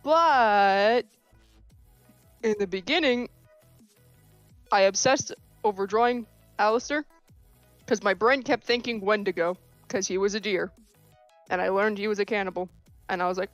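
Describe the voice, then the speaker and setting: A woman guest chatting casually on a podcast, telling stories in an animated, giggly way. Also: medium pitch, unhurried, pauses often, no echo, highs cut off, soft background music. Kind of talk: casual chat.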